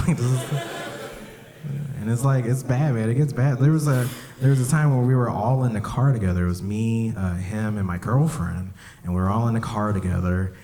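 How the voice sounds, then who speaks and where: A man telling stories in a stand-up comedy set at a club, acting out voices and breaking into shouts. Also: mid-range voice, a little fast, a crowd in the background. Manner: animated storytelling, acts out voices, bursts into shouts. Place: comedy club stage, live audience.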